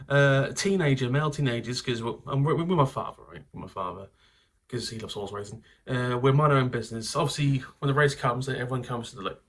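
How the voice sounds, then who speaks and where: A man's voice: mid-range voice, animated, a little fast. A man hosting his channel, telling rambling stories, swearing and laughing at himself. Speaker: channel host. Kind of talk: casual anecdotal vlog.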